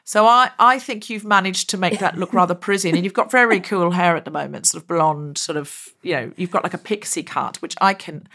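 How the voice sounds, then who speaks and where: A woman hosting a comedy podcast over a video call, telling self-mocking stories with lively energy. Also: lowish voice, fairly quick, few pauses. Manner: animated, self-mocking storyteller. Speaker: podcast host. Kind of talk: comic conversational chat.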